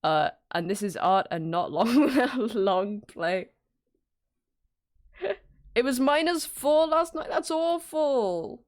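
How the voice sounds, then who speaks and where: A woman's voice: a little high, slow, long pauses. A woman streaming live in casual chat, greeting viewers by name and laughing often as she works from home.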